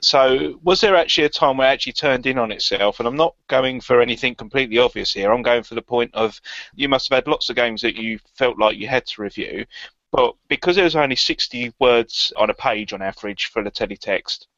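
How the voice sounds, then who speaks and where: A man interviews in a bright, forceful voice and winds through long questions as he thinks aloud. The sound is dry and close. The recording is dull and lo-fi. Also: medium pitch, fairly quick, dry recording. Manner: winding, thinks aloud while asking.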